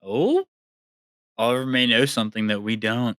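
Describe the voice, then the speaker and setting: A man's voice: mid-range voice, normal speed, fairly bright tone, no room sound, studio quality. A young man co-hosting a podcast, chatting casually with crude, sarcastic asides. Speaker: podcast co-host. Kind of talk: casual chat.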